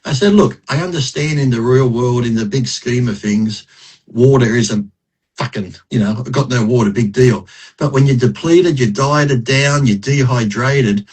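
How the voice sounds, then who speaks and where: A middle-aged man with a husky, mid-pitched voice, talking as a podcast guest. His stories come out blunt and profane, and he is quick to laugh at himself. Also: darkish tone, rough recording. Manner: blunt, profane, self-mocking. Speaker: podcast guest, retired bodybuilder. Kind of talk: casual interview storytelling.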